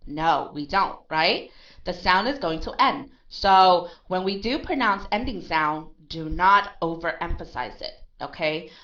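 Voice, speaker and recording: A woman with a lowish, pushed and bright voice teaches pronunciation at a slightly slow pace, her intonation lively. It's a recorded online lesson in which she explains things step by step, finishes phrases with "okay," and answers her own questions. The lo-fi recording has a dull sound.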